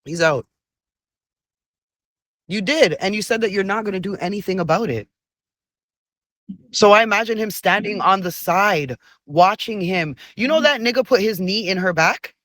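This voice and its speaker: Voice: medium pitch, expressive, a bit bright, no room sound. Blunt, profane reaction commentator in their forties. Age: 40s. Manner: rapid-fire rhetorical questions. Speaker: commentator reacting to a reality show.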